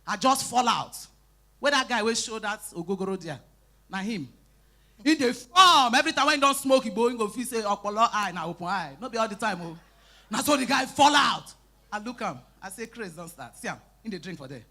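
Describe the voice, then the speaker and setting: A woman with a Nigerian Pidgin accent doing live stand-up comedy, telling animated stories, shouting out acted lines and teasing the crowd. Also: fairly high pitch, a little fast. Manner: animated storytelling, bursts into shouting and acted quotes, teases the crowd. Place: live event stage.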